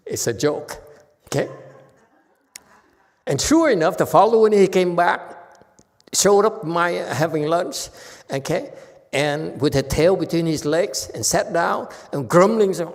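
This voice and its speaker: A male Buddhist monk giving a dharma lecture. He tells stories in an animated way, repeats himself and keeps checking "okay?" with the listeners. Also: on the high side, measured pace, pauses often. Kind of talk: dharma lecture, anecdotal storytelling. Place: temple lecture hall. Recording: reverberant hall.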